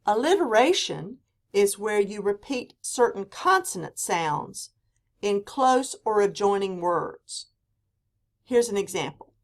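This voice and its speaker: A woman teaches a lesson at an unhurried pace, her voice sitting in a middle range. She reads out examples slowly and with emphasis, one clear point after another. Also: medium pitch, expressive. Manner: slow, deliberate delivery with quoted examples read for emphasis. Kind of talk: classroom lecture.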